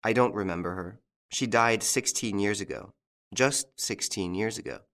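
A man's voice: on the low side, normal speed, a bit bright. A man reading an audiobook, voicing an anxious, frightened young French woman from a country estate in a raised voice. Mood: earnest. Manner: anxious, breathless and pleading.

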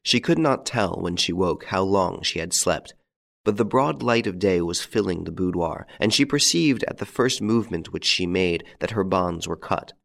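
A man narrating a classic story in a measured, even reading voice. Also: deep voice, gravelly. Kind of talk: audiobook narration.

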